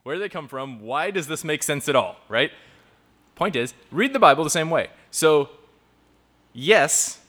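Brief: male host, slightly high voice with a very animated pitch, playful and tangent-prone, giving a live youth talk. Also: a little slow. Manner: animated, joking, improvises tangents.

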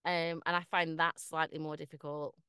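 A woman's voice: low voice, level tone, normal speed, pushed and bright, smooth, no echo, studio quality. A woman, a voiceover artist chatting as a podcast guest, laughing often. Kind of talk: casual podcast chat.

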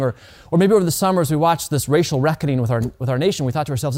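A man's voice: medium pitch, expressive, racing, mellow. A man in his thirties preaching a sermon in a conversational, earnest way, often restarting and repeating words. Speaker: pastor.

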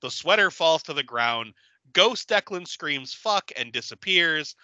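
A man's voice: fairly high pitch, lively intonation, a little slow, bright, forceful tone, no room sound. A man hosting a casual podcast, recapping a movie with profanity and acting out the characters' lines. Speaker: podcast host.

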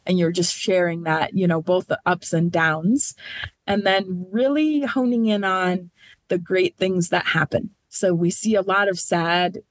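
A woman's voice: on the low side, steady tone, a little slow, dry recording. Earnest woman guest, dry close sound. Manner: earnest, thoughtful, many fillers like "like" and "you know". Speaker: nonprofit program manager, guest. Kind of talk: conversational podcast interview.

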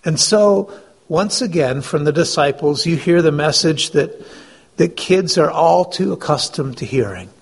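A man's voice: on the high side, lively intonation, unhurried, creaky, husky. A male pastor preaching a sermon, retelling a Bible story and asking his listeners questions. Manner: storytelling, asks the congregation questions.

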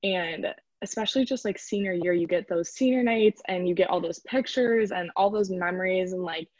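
Chatty young woman, slightly low voice. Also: normal speed, darkish tone, no echo, dull audio. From Chicago area. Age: young adult. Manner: chatty, lots of "like" fillers. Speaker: interview guest, college rower. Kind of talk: casual interview chat.

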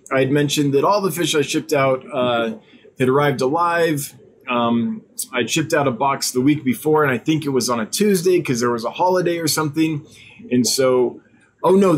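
A middle-aged man hosting his weekly live stream as an online fish seller, chatting casually and rambling with fillers and asides. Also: on the high side.

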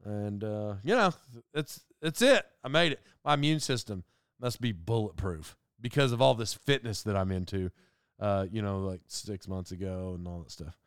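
A middle-aged man with a lowish, smooth voice speaks at normal speed in a studio-quality recording with no echo. Hosting a podcast, he tells rambling stories in a casual monologue, animated and self-deprecating.

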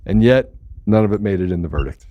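A man hosting a casual talk show, excitable and joking, laughing often as he gives play-by-play commentary. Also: on the low side, no echo. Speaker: show host. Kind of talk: casual political chat.

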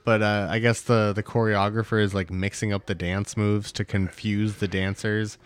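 A man's voice: lowish voice, little pitch movement, moderate pace, clear, resonant tone, no echo. A young man co-hosting a podcast, casually chatting and retelling scenes with swearing and laughter. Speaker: podcast co-host. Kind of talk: casual chat reacting to a show.

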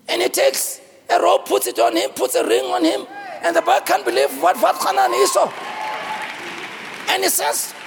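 A man from South Africa preaching a sermon, telling the story dramatically with voices and frequent shouting. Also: extremely high pitch, fairly even intonation, moderate pace, creaky, long reverb tail, a faint crowd, a little hiss or hum. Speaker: pastor.

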